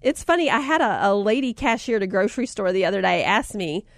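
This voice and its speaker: A woman's voice: mid-range voice, fast, no room sound, studio quality. A woman with a Southern US accent gives a casual motivational talk, telling stories animatedly, laughing often and calling her listeners y'all. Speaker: speaker sharing life lessons.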